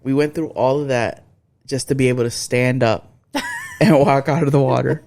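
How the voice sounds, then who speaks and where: A man's voice: mid-range voice, wildly swooping pitch, normal speed, vocal fry, darkish tone. Young man telling a profane story. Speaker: podcast co-host. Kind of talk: casual storytelling chat.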